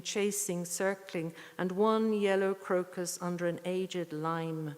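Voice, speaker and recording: A woman giving a poetry reading with short spoken introductions, earnest and unhurried, with thoughtful pauses. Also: lowish voice. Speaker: poetry reader at a tribute evening. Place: church. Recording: echoey church hall.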